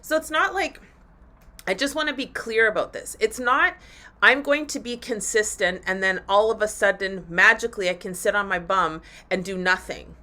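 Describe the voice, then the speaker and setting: A woman hosts a live motivational talk for her listeners. Her voice is bright and forceful, and she speaks candidly and with animation, dropping swear words freely along the way. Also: medium pitch, normal speed. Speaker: podcast host and women's coach.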